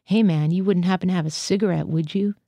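A scruffy young male Marine on the run, read by a woman, rambling in slang and swear words. His voice is low and mellow, and it is heard close and dry. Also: steady tone, fast talker, no echo. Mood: loose. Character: scruffy young male AWOL Marine veteran, loose and profane.

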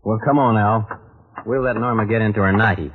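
An actor playing a calm, fatherly cowboy leader with a husky voice, firm and steady, in 1940s radio acting. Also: fairly low pitch, a little fast. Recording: tinny old radio broadcast.

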